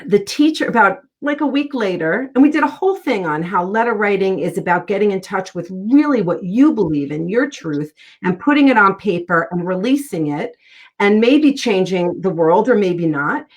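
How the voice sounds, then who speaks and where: A woman's voice: medium pitch, expressive, moderate pace. Earnest middle-aged woman telling stories. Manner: earnest, heartfelt storytelling. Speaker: interview guest, author. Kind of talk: casual conversational interview.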